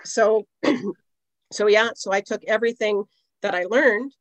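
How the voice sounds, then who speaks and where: A middle-aged Canadian woman who works as an aromatherapist speaks slowly in a medium-pitched voice as an interview podcast guest. She tells long rambling stories with many "you know" asides in a conversational manner. The audio is poor, with no room sound.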